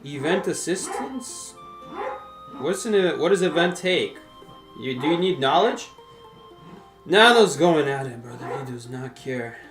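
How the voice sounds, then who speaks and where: A man's voice: on the high side, very animated, measured pace, long pauses, a bit bright, roomy sound, soft background music. A man chatting casually on a game live stream, laid-back and laughing often as he talks to viewers. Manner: laid-back, laughs often, calls chat "brother" and "dude".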